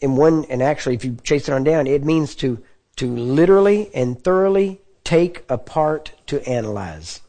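Man preaching a casual, dark-toned sermon. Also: on the high side, lively intonation, normal speed. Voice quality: clears throat often. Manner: conversational teaching with frequent check-ins to the audience.

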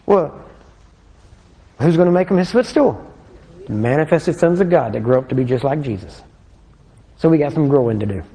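A man delivering a sermon in a slightly raised, mellow voice. He talks in a conversational way and keeps asking his listeners questions. He slows down when he reads scripture aloud, and his words ring through a hall with long reverb. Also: fairly high pitch, expressive, gravelly. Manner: conversational, asks the congregation questions. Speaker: preacher.

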